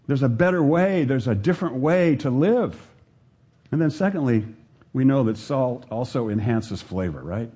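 A man preaching a sermon as pastor to a live church congregation, questioning the listeners and climbing to emphatic high peaks. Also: animated, moderate pace, mellow, breathy edge.

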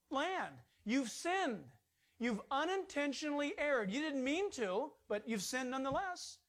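Animated male pastor preaching. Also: extremely high pitch. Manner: animated preaching with rising emphasis. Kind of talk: sermon.

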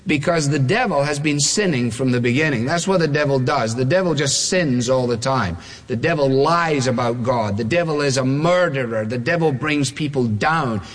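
A man preaching a sermon, emphatic and repetitive, leaning on slow stressed words. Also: medium pitch. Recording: long reverb of a large hall.

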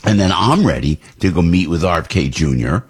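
A man's voice: low voice, lively intonation, fairly quick, breathy edge. A talk radio host from New Jersey giving opinionated commentary, rambling and restarting his sentences often. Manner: rambling, with many restarts and repeats.

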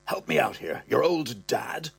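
A man voicing a nervous, pompous old man in a comic story reading, with a high, strained put-on voice. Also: sing-song, unhurried, vocal fry, a bit bright, breathy edge, dry recording, full character voice. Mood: pleading, gushing. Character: anxious old man, pleading then pompous.

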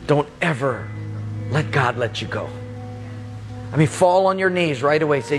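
A middle-aged man preaching a sermon, telling a personal story with animated delivery and sudden loud bursts. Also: fairly high pitch, moderate pace, long pauses, over music. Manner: animated, raises voice sharply for quoted speech. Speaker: pastor.

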